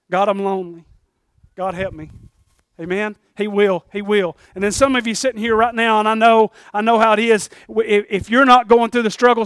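A man preaching a sermon in an earnest, halting way, often repeating words and dropping low and quiet on tender lines. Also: clean tone, no echo.

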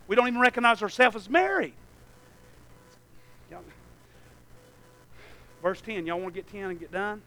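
A man pastor preaching a sermon in a church, swinging from hushed asides to near shouting and calling out to the congregation. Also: extremely high pitch.

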